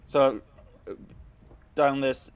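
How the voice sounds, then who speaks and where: A man co-hosting a podcast, recapping a film plot in casual chat and pausing on fillers. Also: mid-range voice, fairly even intonation, smooth. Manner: hesitant, filler-heavy recapping. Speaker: podcast co-host.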